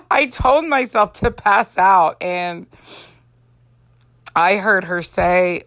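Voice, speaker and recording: A tired woman in her forties, an Avon representative, rambles through a casual makeup vlog while doing her makeup, yawning and using plenty of fillers. Her voice is on the low side, unhurried and fairly bright, in a dry recording.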